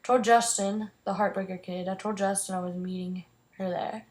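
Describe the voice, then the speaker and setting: A woman's voice: medium pitch, steady tone, moderate pace, darkish tone. Teen girl, casual vlog storytelling, rambling, lots of "like", restarts. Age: teens. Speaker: vlogger.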